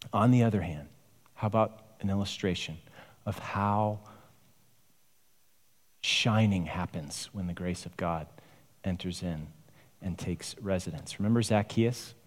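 Low-voiced pastor preaching in a reverberant hall. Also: male voice, measured pace, pauses often. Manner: conversational, rhetorical questions, sighing asides. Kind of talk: sermon.

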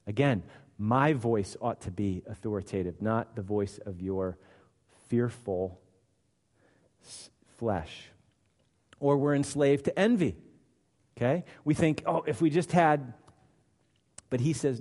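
A man preaching a sermon, acting out quoted voices and swinging between loud and hushed delivery. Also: medium pitch, lively intonation, unhurried, long pauses. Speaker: pastor. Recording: long hall reverb.

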